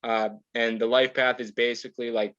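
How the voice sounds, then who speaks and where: A man's voice: medium pitch, level tone, normal speed, a bit bright, smooth, no room sound, dull audio. A man in his twenties, a podcast guest, chatting casually in a laid-back, rambling way and laughing often. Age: 20s. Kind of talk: casual chat.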